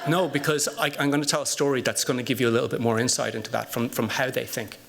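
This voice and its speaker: A man speaking on a conference panel, with a gravelly edge to his voice. He talks in a storytelling way, building his point through anecdotes and rhetorical questions. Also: medium pitch, fairly even intonation, quick pace, a bit bright.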